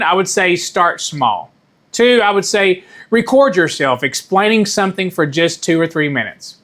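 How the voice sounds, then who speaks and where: A middle-aged man coaching viewers on how to speak, his voice a little higher than most men's. He talks in a measured, deliberate way, leaning on the key words, and sometimes stops to correct himself mid-sentence. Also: a bit bright. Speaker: communication coach. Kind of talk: instructional talk to camera.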